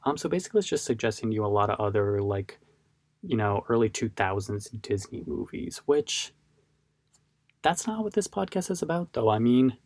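A man's voice: medium pitch, sing-song, moderate pace, a little mellow, no room sound. A man hosting a casual movie podcast, rambling and chatty with lots of fillers and restarts. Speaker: podcast host.

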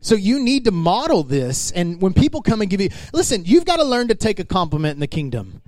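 Higher-voiced man preaching a sermon. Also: big pitch swings, a little fast, a little mellow, dry recording. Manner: emphatic, conversational preaching that addresses the congregation directly. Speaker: pastor.

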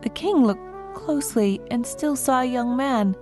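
A woman guest storyteller telling a folk tale to children in an expressive, lilting way, close to the mic. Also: high-pitched, measured pace, faint music behind.

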